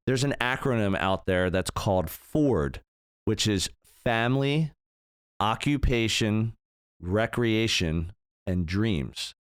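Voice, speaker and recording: A man's voice: fairly low pitch, clean tone, dry recording, studio quality. A young adult man co-hosting a business podcast, talking casually and acting out example dialogue with lots of fillers. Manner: animated, acts out quoted dialogue, many "like" fillers. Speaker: podcast co-host.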